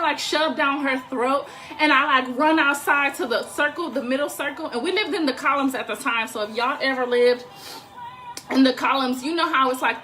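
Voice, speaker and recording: Bright, high-voiced woman telling a story. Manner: animated, profane, laughing asides. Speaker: storytime vlogger. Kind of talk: casual storytelling to viewers.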